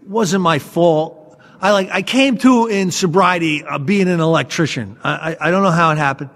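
A man with a notably high voice tells a self-mocking story about his past to a listening audience. He talks in an animated, storytelling way. The sound rings with the long reverb of a large hall. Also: moderate pace. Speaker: speaker sharing a recovery story.

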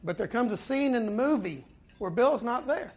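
A man giving a personal recovery talk to a fellowship meeting, telling his story earnestly with pauses and repeated words. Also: very high voice, lively intonation, darkish tone. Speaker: speaker at a twelve-step fellowship meeting.

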